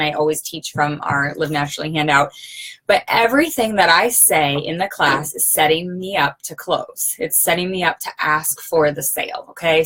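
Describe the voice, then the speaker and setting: A woman's voice: low voice, sharp tone. A woman giving a casual sales training talk, conversational, checking in with her listeners often. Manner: conversational, often checks in with "okay?" and "you know".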